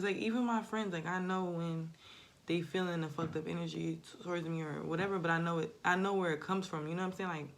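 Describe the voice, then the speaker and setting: A woman's voice: fairly low pitch, creaky. A woman, talking through a casual, rambling confessional monologue, swearing freely. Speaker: spiritual vlogger.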